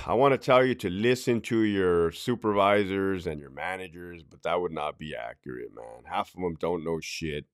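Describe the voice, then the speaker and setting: A man's voice: low voice, moderate pace, smooth. A middle-aged man, a former prison officer talking in a blunt, profane way on his podcast and acting out quotes. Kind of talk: casual podcast talk.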